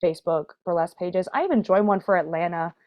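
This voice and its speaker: Woman from the American South, podcast guest, lowish voice, chatty, laughs easily. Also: fast, a little mellow. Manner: chatty, self-deprecating, laughs often. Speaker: podcast guest, burlesque performer. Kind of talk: casual chat.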